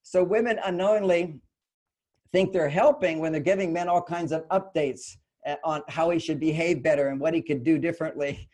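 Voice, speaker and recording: Higher-voiced older man explaining earnestly. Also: fairly even intonation, moderate pace, darkish tone. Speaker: relationship author, guest. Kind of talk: conversational interview.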